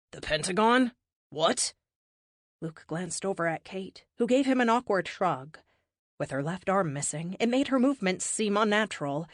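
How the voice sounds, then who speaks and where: A woman reading a science fiction audiobook in an expressive, measured narration, close to the mic. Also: medium pitch, no room sound. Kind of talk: scripted narration.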